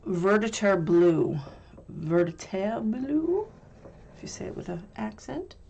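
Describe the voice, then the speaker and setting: A woman's voice: lowish voice, lively intonation, moderate pace, creaky, darkish tone, slightly rough, lo-fi sound. A woman hosting an art channel, chatting casually and musing aloud as she swatches and reviews paints.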